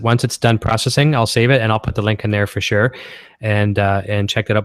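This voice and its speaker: A man's voice: on the low side, no room sound, studio quality. A man from Canada hosting a casual guitar-gear livestream, talking in an enthusiastic, rambling way.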